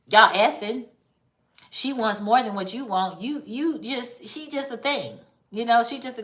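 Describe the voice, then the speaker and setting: A woman's voice: fairly high pitch, a bit bright. Sassy, blunt woman gossiping. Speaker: vlogger. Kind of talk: casual commentary.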